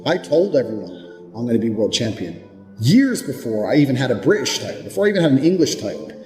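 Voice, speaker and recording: A man giving a forceful motivational speech, blunt and profane, hammering each point with total conviction. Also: mid-range voice, sing-song, fast talker. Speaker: motivational speaker. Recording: reverberant hall with background music. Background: music.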